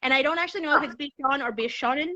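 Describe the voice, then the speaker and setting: A woman guest in casual chat, animated, swinging between high and low and laughing often. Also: very fast, dull audio. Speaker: podcast guest.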